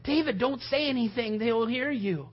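A man's voice: very high-pitched, moderate pace, highs cut off. A man voicing an eager, fearless young shepherd boy who speaks boldly and with indignation, in a sermon retelling. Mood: defiant. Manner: bold, excited, indignant.

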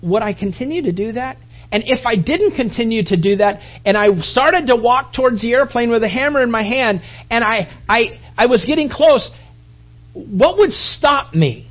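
A high-voiced man preaches a sermon with a husky edge. He tells his story in a lively way, acting out voices and sound effects. The recording is dull and lo-fi. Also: normal speed. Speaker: pastor.

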